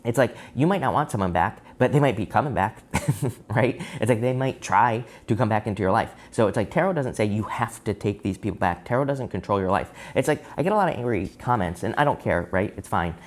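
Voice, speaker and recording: A man giving a casual tarot reading to camera, talking in a loose, chatty way full of fillers, his voice jumping up in pitch now and then. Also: expressive, a little fast. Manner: chatty and loose, many fillers and sudden upward pitch jumps. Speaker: tarot reader.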